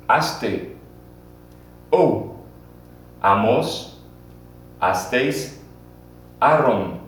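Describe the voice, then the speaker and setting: A man teaching a Spanish grammar lesson at the board, repeating key points and drilling forms for students to repeat. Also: mid-range voice. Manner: repetitive, drills students with call-and-response. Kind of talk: classroom lesson at a whiteboard. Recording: very echoey room, distant mic, faint hum.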